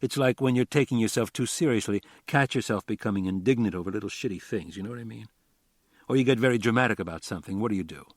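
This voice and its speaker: A man's voice: lowish voice, fast, dry recording, lightly acted. A man reading an audiobook, playing a blunt, wisecracking homicide detective with a dry, easy manner. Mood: wry.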